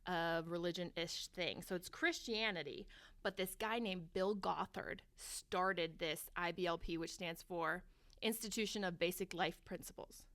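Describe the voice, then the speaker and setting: A woman's voice: lowish voice, steady tone, measured pace, a bit bright, no echo. A woman co-hosting a podcast in casual chat, laughing often as she tells stories. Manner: chatty, laughs often, storytelling. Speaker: podcast co-host.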